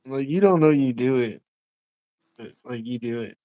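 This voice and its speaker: A man's voice: mid-range voice, normal speed, mellow, no echo, muffled recording. Rambling man on a casual livestream. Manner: rambling, filler-heavy, "you know what I'm saying". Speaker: livestream co-host. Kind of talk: casual chat.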